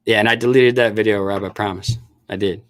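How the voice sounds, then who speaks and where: A man's voice: lowish voice, fairly even intonation, fairly quick, clear, resonant tone, dry recording. Chatty laughing man hosting a livestream. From Upper Peninsula of Michigan. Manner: laughing, chatty, stammering restarts. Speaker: livestream host and snake breeder. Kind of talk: casual livestream chat with viewers.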